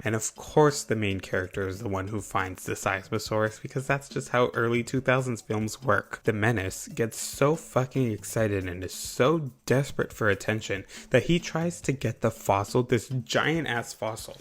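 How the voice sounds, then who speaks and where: A young man hosting a comedic movie recap, sarcastic and dramatic, swearing freely. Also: medium pitch. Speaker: YouTube host.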